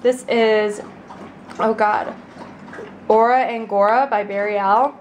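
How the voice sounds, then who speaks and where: A woman's voice: mid-range voice, fairly even intonation, slow, a little hiss or hum. A woman chatting casually into a handheld camera for her vlog, bubbly and gushing, full of fillers. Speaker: vlogger. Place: car, then bridal shop.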